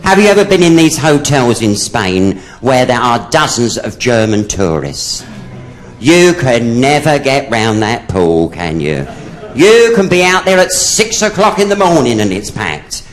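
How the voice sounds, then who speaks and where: A drag comedian on stage, a man telling camp, gossipy stories. His pitch leaps all over the place as he swings between chatty narration and sudden punchlines. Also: very animated, a little slow, faint music behind. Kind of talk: stand-up comedy storytelling.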